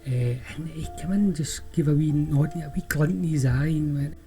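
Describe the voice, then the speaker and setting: A man with a Scottish accent telling a personal story in a relaxed, chatty way, often restarting and drawing out words. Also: a little high, a little fast, faint music behind, low-quality recording. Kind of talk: casual spoken storytelling.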